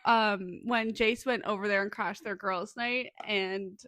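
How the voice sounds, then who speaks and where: A woman's voice: mid-range voice, fairly even intonation, unhurried, a bit bright, no echo. A woman co-hosting a book podcast, teasing her co-host and laughing often. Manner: giggly, teasing. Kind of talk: casual book review chat.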